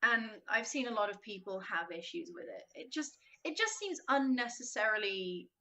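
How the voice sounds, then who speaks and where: A woman's voice: fairly high pitch, expressive, moderate pace, pushed and bright. A young woman, a podcast guest, chatting casually, acting out quotes and laughing often.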